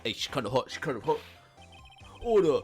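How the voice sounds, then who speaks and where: A man commenting on a video game playthrough with loud, profane outbursts and jokes. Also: mid-range voice, expressive, fast talker, soft background music. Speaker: gaming commentator. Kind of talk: crude joking playthrough commentary.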